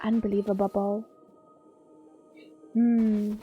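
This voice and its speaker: A young woman streaming a game live, excitable and sweary, gasping and chatting with her viewers. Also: medium pitch, very slow, phone-quality sound, soft background music. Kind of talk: casual live gaming commentary.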